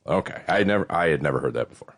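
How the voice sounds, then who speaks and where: A man's voice: racing, no room sound, studio quality. A man co-hosting a podcast in casual chat, rambling and swearing casually. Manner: rambling, swears casually, lively rises in pitch. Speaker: podcast co-host.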